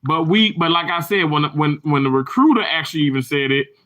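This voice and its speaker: A man telling his viewers about his workplace in a candid, animated, storytelling manner. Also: a little high, a little fast. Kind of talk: casual commentary to viewers.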